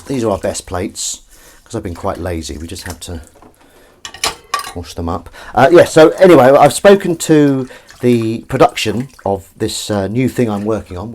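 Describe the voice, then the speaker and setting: Washing dishes at his kitchen sink, a man hosts a comedy livestream, rambling through casual banter and reading out viewer comments with self-mocking humor. His voice is medium in pitch, with a little hiss or hum on the recording. Running water and clinking dishes fill the background.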